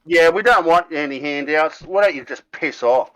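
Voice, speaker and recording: Guy doing a nasty rude tavern lady, loud and snappy. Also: on the high side, normal speed, no room sound, soft background music, pitched above the performer's own voice, close to an everyday voice, poor audio. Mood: hostile. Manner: curt, hostile. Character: rude hostile woman drinking in a tavern.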